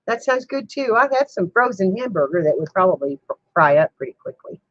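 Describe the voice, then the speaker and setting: A woman's voice: medium pitch, sing-song, fairly quick, no room sound, muffled recording. An older woman chatting casually with viewers on a home livestream, laughing often in a folksy way. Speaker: livestream host. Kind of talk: casual chat answering viewers.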